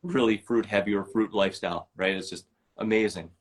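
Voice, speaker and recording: A woman's voice: rumbling low, brisk. A woman hosting a casual interview, encouraging her guest with short reactions. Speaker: host.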